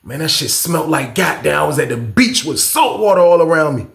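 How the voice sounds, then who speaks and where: A man telling a storytime on his vlog in a casual, profane, animated way, recorded in an echoey room. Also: a little high, a little fast, gravelly. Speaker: vlogger.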